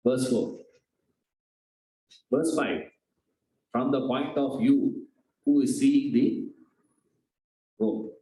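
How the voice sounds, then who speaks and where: A man's voice: mid-range voice, steady tone, extremely slow, pauses often, warm tone. A man teaching a scripture class, asking his students rhetorical questions. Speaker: Vedanta teacher. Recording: echoey room.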